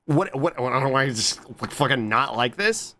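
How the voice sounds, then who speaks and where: A man streaming and chatting casually with his viewers, excitable and swearing often. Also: moderate pace. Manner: excitable, swears a lot, jumps to squeaky high greetings.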